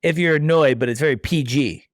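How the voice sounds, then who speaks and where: A man's voice: on the high side, fairly quick, dry recording, studio quality. A man hosting a podcast, chatting casually in a rambling, self-deprecating way. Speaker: podcast host. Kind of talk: casual interview chat.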